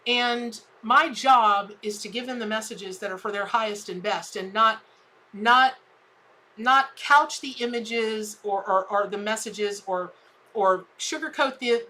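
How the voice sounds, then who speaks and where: Bright-voiced chatty woman tarot reader. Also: rough recording. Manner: chatty, warm-hearted, many restarts, jumps high when excited. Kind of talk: live-stream tarot reading.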